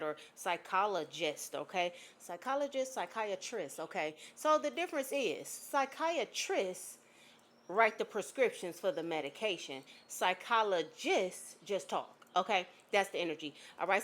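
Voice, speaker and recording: A woman giving a spiritual reading to an unseen viewer, emphatic and blunt, swearing casually and checking in again and again with "okay?". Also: mid-range voice. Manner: emphatic, keeps checking in with "okay?" and "all right?". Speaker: psychic reader.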